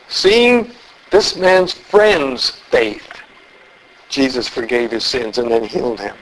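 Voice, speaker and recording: Earnest male preacher, fairly high voice, reads scripture and presses rhetorical questions. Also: expressive, a little slow, a little hiss or hum, poor audio. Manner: earnest, asks the listeners many rhetorical questions. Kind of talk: sermon, reading and explaining scripture.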